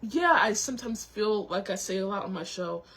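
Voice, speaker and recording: A young woman hosting her own show, talking to viewers while close to tears, halting with many restarts and apologies. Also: medium pitch, animated, fairly bright tone, breathy edge. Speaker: show host. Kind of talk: emotional personal talk to viewers.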